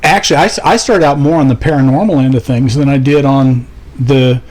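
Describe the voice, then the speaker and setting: A man's voice: mid-range voice, fairly quick, a little mellow. A man chatting as a studio guest on a couch, an easygoing storyteller who jokes around. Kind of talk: casual chat.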